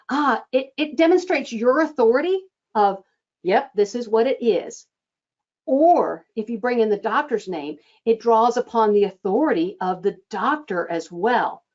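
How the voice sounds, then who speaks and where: A woman coaching front-desk staff on phone scheduling, acting out sample lines with lively changes of tone. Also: a little high, moderate pace, highs cut off. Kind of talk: instructional talk.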